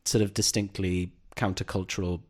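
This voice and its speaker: A man's voice: low-pitched, flat delivery, normal speed. A man co-hosting a podcast, talking in casual discussion, hesitant and full of "sort of" hedges. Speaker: podcast co-host.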